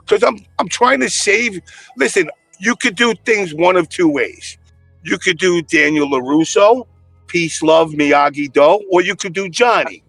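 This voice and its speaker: A man's voice: a little high, expressive, normal speed, a bit bright, dry recording, faint music behind. A man in casual podcast chat, telling stories in a blunt, profane way.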